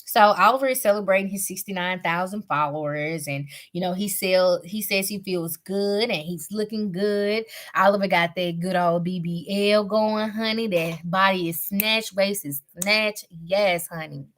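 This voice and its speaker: A young woman giving a casual live recap, chatty and slangy with lots of fillers, clearing her throat from a cough. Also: medium pitch, moderate pace, hardly any pauses, a bit bright. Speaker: show reviewer.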